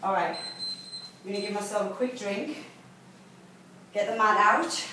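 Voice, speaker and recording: A woman's voice: mid-range voice, unhurried, bright, forceful tone. A woman coaching a workout video, cueing encouragement while exercising and getting out of breath. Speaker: fitness instructor. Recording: very echoey room, distant mic, faint noise.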